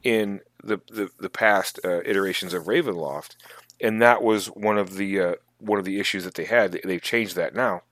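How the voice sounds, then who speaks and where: A man co-hosting a tabletop gaming podcast, talking casually in a halting, thoughtful way with many restarts. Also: low-pitched, fairly bright tone, dry recording, studio quality. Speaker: podcast co-host. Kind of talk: casual chat.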